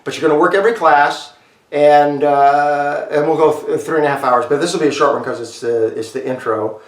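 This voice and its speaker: Animated man teaching an online acting class. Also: fairly high pitch, fairly quick. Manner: animated, talks straight to students with many fillers. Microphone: video call. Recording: echoey room, mic far off.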